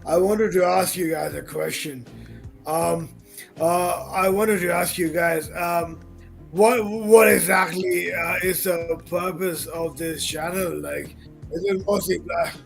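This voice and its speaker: A man calling into a livestream, halting and stumbling, then swearing angrily, with a gravelly voice. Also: high-pitched, steady tone, soft background music. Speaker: livestream caller. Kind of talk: angry call-in rant.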